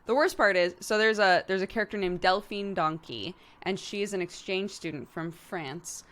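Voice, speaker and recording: A woman's voice: medium pitch, normal speed, fairly bright tone. A woman streamer in casual livestream chat, rambling playfully and laughing often.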